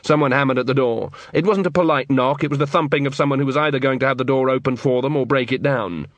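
A man giving scripted audiobook narration in a measured storytelling manner. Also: medium pitch, no room sound.

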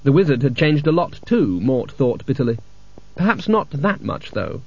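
Husky male audiobook narrator, dull lo-fi. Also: mid-range voice, very animated, moderate pace, no echo. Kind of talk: scripted narration.

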